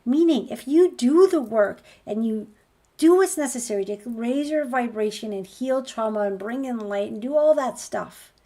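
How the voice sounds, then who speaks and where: A woman's voice: fairly high pitch, mellow. A woman, a spiritual healer, giving an earnest motivational talk, stacking rhetorical questions as she promotes her course.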